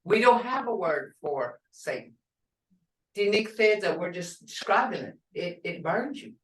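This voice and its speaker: An older woman teaching a language class, speaking slowly and patiently and repeating words for her learners. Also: medium pitch, expressive, fairly bright tone. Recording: roomy and distant from the mic.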